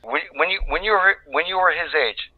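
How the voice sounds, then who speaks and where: A man's voice: a little high, brisk. A man calling in who stammers and repeats himself as he asks a question. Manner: stammering, repeats his words. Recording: tinny phone line.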